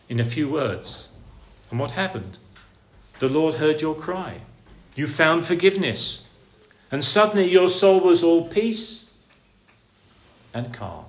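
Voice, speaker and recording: A preacher delivering a sermon, posing rhetorical questions and swinging from emphatic peaks down to low, quiet lines. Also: male voice.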